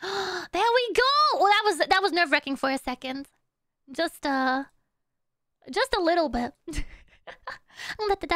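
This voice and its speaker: A woman's voice: very high voice, big pitch swings, unhurried, pauses often, pushed and bright, no echo, clean studio sound. A woman streamer chatting casually and playfully with her audience, humming little tunes between thoughts and teasing her chat.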